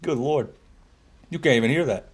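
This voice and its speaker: A man's voice: medium pitch, normal speed, breathy edge. A man giving casual live commentary while playing a game, joking with chat, laughing often and restarting his phrases. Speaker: gaming streamer. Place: streaming setup, game music playing.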